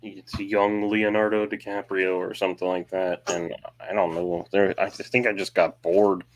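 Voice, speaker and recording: Low-key man with a fairly low voice. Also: level tone, normal speed, a little hiss or hum. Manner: low-key, short replies, easygoing. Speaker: podcast co-host. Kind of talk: casual chat.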